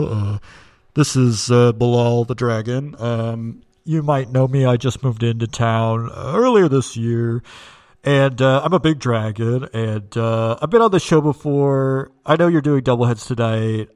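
A man's voice: medium pitch, measured pace, darkish tone, clean tone, lightly acted. A man playing a rambling broke dragon. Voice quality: hesitant, rambling, full of fillers. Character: rambling lovelorn male dragon, broke and meek. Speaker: caller leaving a voicemail. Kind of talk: comedic voicemail bit.

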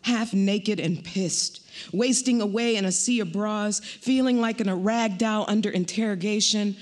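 A woman poet reading her own poem aloud at a live event, with a wry, rhythmic delivery and pointed pauses. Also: mid-range voice.

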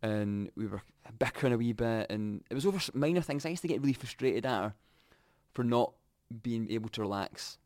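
A young Scottish man telling his own story candidly, reflective and halting, often restarting his sentences. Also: medium pitch, expressive, darkish tone, no room sound, studio quality.

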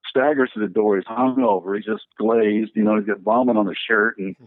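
Over a dry, tinny, phone-like connection with no echo, this man speaks fairly quickly in a fairly low, creaky voice. He's a pastor and church planter in a podcast interview, a lively storyteller full of fillers, restarts, and tangents.

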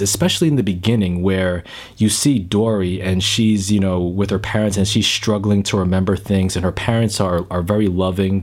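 A man's voice: sits low, a little mellow. A man giving a casual spoken film review, emotional, often stammering and repeating his words.

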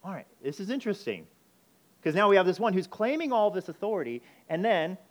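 A man preaching a sermon, emphatic, moving between urgent loud passages and quiet intense ones. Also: fairly high pitch. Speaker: pastor.

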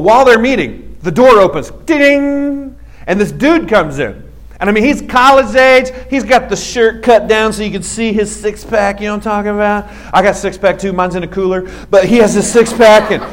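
A man in his forties gives a storytelling sermon to young listeners. His voice sits a little high for a man, and he acts out each scene with comic self-mockery. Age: 40s. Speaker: youth speaker.

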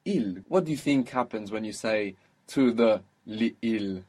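A man teaching a spoken language lesson, patiently prompting his student with questions and modelling phrases slowly. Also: on the low side, expressive, darkish tone.

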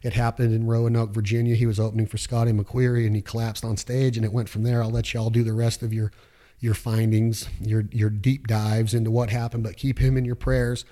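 Man, podcast host, mellow warm voice, middle pitch, pep-talk manner, casual swearing. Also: flat delivery, fairly quick. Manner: fired-up, preachy pep talk with slang and swearing.

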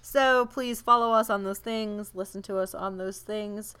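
Woman, podcast host, casual chat, giggly, rambling, middle-pitched voice. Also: fairly even intonation, measured pace, fairly bright tone, clear, resonant tone. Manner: laughs often, chatty and rambling.

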